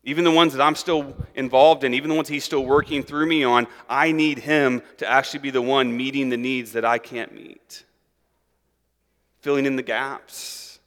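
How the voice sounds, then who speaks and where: A pastor preaches casually and conversationally at normal speed in a large hall, sprinkling in many "like" and "right?" asides. He's animated, acting out the disciples' voices in a higher, louder pitch.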